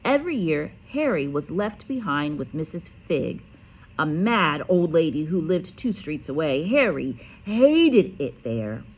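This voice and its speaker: A woman teacher reading a children's book aloud with lively expression and casual, chatty asides. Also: low-pitched, unhurried, slight background noise. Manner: animated, casual, self-correcting.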